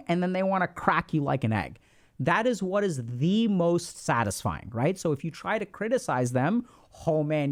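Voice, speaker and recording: A therapist giving casual, blunt advice, who swears and acts out sample conversations. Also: medium pitch. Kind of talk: casual advice talk to camera.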